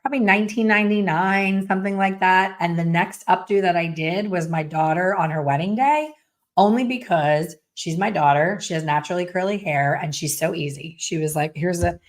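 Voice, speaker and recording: Her voice is fairly low and she talks at a normal speed. She's a middle-aged hair colorist sharing a story with viewers, animated and blunt, with some mild cursing.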